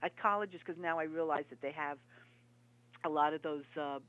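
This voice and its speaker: A woman interview guest and author, talking in an earnest, halting, reminiscing way. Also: sits low, a bit bright. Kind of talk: conversational interview. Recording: dull lo-fi broadcast audio.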